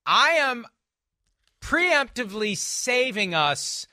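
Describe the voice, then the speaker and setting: A man with a high, bright voice runs through football picks with wry, emphatic humor. He talks casually and punches his verdicts, and the dry close sound leaves no room echo. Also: very animated, slow pace. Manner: wry, emphatic, playful trash talk. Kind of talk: casual sports picks chat.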